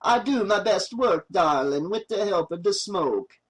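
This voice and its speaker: A man's voice: high voice, expressive, measured pace, breathy edge, pitched above the performer's own voice, full character voice. A man voicing a laid-back stoner who fakes an overdone Jamaican accent, drawling and teasing. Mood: mellow.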